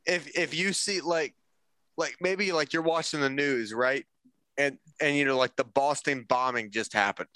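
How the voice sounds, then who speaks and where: A man's voice: mid-range voice, normal speed, pushed and bright, no room sound. A young man co-hosting a casual podcast, swearing freely and telling jokes with comic timing. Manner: profane, joking storyteller. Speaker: podcast co-host.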